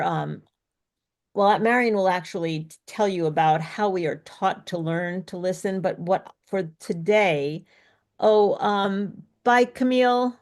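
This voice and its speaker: A woman speech coach presenting an online workshop, encouraging and checking in with her co-presenter and the audience. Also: on the low side. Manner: encouraging, asks checking questions. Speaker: speech coach, co-host of webinar.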